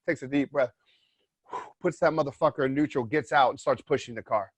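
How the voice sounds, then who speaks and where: A man guest in a casual interview, telling a story in an animated way, swearing freely and repeating his points. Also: a little high, brisk, no room sound.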